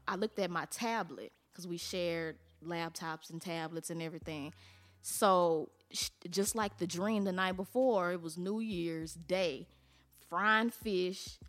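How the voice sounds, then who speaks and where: A woman's voice: on the low side, fairly bright tone. A woman as an interview guest, telling her own story candidly in blunt, colloquial talk with some cursing. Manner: blunt, colloquial, salty language.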